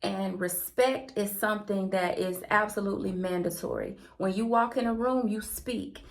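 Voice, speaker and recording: A woman with a Southern American accent, from the Deep South, telling a personal faith story in a conversational, earnest way. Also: fairly even intonation, moderate pace, gravelly. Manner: conversational and earnest, with colloquial turns of phrase. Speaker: channel host.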